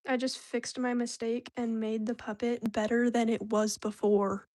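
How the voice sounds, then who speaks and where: Woman vlogger with a slightly high voice, chatting casually and rambling in slang while she works on a craft. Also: flat delivery, moderate pace, darkish tone.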